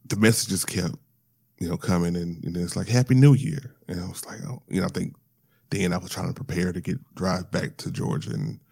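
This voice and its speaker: A man telling a painful personal story of loss in a halting monologue, restarting often and fighting back tears. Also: low voice, gravelly, a little mellow, husky, no echo, clean studio sound.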